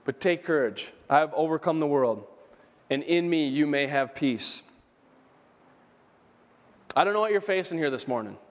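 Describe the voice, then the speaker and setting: A male pastor delivers a sermon, pressing his points home by repeating them and reading scripture passages aloud. His voice sits high for a man. The recording carries the long reverb of a church sanctuary. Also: lively intonation, normal speed, pauses often. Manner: preaches with emphatic repetition, quotes scripture aloud.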